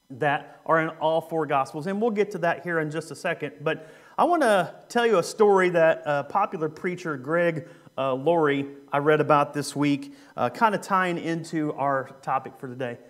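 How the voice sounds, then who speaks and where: High-voiced young man preaching casually. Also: normal speed. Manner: conversational, joking, with frequent fillers. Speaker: youth minister. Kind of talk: sermon with a humorous story.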